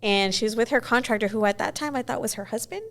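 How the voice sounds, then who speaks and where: Chatty forties woman guest, bit of gravel in her voice, lots of "you know". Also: a little high, quick pace. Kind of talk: casual interview chat.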